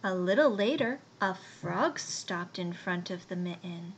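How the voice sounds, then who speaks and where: A woman reading a children's storybook aloud in a gentle, unhurried way. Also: fairly low pitch, lively intonation, muffled recording, slight background noise.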